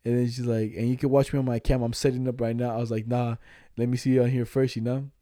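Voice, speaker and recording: A man's voice: mid-range voice, quick pace, no echo, clean studio sound. A man in his twenties, co-hosting a podcast, telling a story casually and profanely, acting out quoted chat lines. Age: 20s. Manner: animated, profane, retelling chats with quoted lines. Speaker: podcast co-host.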